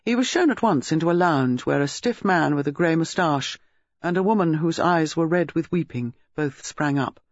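A man narrating a detective novel in a measured storytelling manner. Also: on the high side, expressive, no echo, lo-fi sound. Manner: measured, gives characters distinct voices. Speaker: audiobook narrator. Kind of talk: scripted narration.

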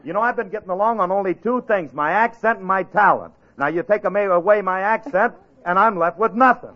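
Brash Southern drawl, old radio comedy. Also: male voice, sits high, fairly quick. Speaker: comedian bandleader guest. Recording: muffled old radio broadcast.

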